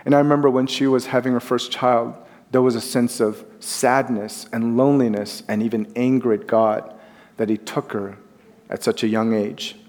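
A middle-aged male pastor delivers a sermon in an easy, conversational manner, with lively acted-out quotes now and then. His voice sits at an ordinary pitch for a man. The sound carries a long reverb, as in a large church sanctuary. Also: moderate pace.

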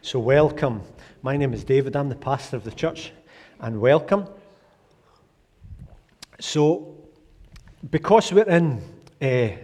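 A man's voice: medium pitch, darkish tone. A man, a pastor preaching a chatty, jokey sermon with frequent restarts, recorded in a church. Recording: long reverb of a church hall.

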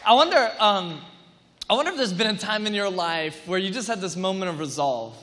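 High-voiced male pastor in a big hall. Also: fairly quick, heavy background noise. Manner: energetic, rambling with restarts and playful asides. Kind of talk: sermon. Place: large church hall before a congregation. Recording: long reverb of a large hall.

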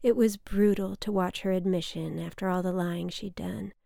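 Woman narrator, personal memoir read close and dry, reflective, gravelly. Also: on the low side, fairly even intonation, warm tone, dry recording. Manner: measured, wry, reflective. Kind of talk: reading a personal story aloud.

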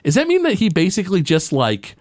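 A man co-hosting a podcast, chatting casually with many fillers and recapping a cartoon episode. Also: high-pitched. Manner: animated, many fillers, jumps into quick character impressions. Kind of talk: casual chat.

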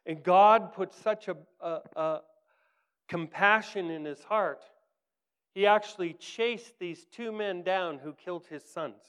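A man preaching by storytelling. His voice is smooth and clear and sits a little high. He talks earnestly and drops to a hush for the quoted words. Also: takes it slowly. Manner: earnest, drops to soft hushed tones in quoted lines, rises for emphasis. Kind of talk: sermon storytelling.

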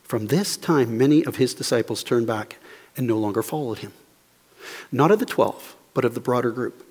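A man preaching a sermon as pastor, swinging between hushed low asides and fervent raised passages, with emphatic rhetorical questions. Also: normal speed, slightly rough. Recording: long reverb of a large hall.

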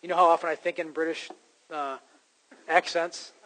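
A man's voice: a little high, flat delivery, moderate pace, fairly bright tone, rough recording. A man preaching a sermon to his congregation, in a conversational style that rises to emphatic points. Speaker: pastor.

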